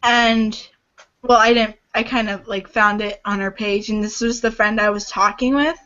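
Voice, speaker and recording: A woman hosting a casual livestream, talking earnestly in halting bursts with sighs and restarts. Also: medium pitch, fairly even intonation, bright, forceful tone. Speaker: livestream host. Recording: dull lo-fi home stream audio.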